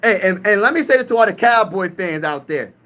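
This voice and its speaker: A man's voice: high voice, animated, fairly quick, pushed and bright. A young man from Pennsylvania hosting a casual live-stream sports talk, hyped and trash-talking while reading the chat aloud. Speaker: sports channel host.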